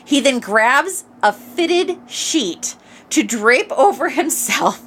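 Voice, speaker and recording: A woman podcast host with a slightly high voice tells a casual story into her microphone. She is animated and expressive, sliding from low mutters up to shrieks. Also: slow pace.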